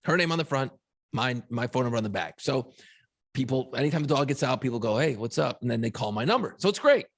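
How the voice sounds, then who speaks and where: A middle-aged man, co-host of a podcast, telling a story in a profane, animated, casual way. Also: medium pitch, quick pace, vocal fry.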